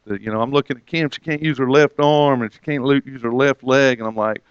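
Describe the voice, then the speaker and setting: A man delivers a sermon as a story, quoting others by pitching his voice higher. His voice is smooth and clear. The recording is dry and a little dull. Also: a little fast, no room sound. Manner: retells conversations, quoting others with rising pitch. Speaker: preacher.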